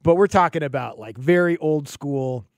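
A man's voice: a little high, no echo, clean studio sound. A man co-hosting a sports radio show, chatting casually and easily with his partner. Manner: quick, easygoing banter. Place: radio studio. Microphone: studio microphone.

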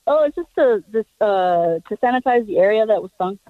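A woman's voice: mid-range voice, lively intonation, a little fast, dry recording. A woman from Texas calling into a radio show, eagerly telling a personal story. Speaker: radio caller. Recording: tinny phone line.

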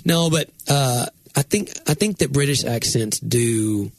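Husky, rambling man in casual chat. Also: medium pitch, a little slow, no room sound. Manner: rambling, self-interrupting, animated. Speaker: pastor and podcast host.

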